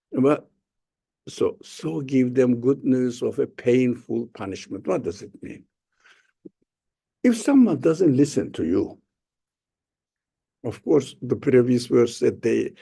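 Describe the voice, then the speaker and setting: Slow, gravelly male Quran teacher. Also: medium pitch, warm tone. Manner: slow, halting explanation with rhetorical questions. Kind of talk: informal Quran study lesson.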